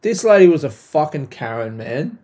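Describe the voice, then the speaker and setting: A young man hosting a podcast, ranting with lots of swearing and loud outbursts into a clipping home mic. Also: fairly high pitch, moderate pace. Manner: profane, animated ranting, frequent yelling. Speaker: podcast host. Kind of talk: casual solo rant. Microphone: home mic recorded into laptop software, clipping.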